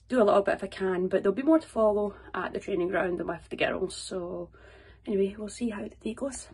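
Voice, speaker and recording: A woman's voice: medium pitch, fast talker, few pauses, darkish tone, husky. A young Scottish woman, a footballer, chatting casually to her phone camera and joking at her own expense. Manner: chatty, self-mocking, upbeat; whispering early in the morning. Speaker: professional footballer vlogging her day. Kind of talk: casual vlog. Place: home and training ground, indoors.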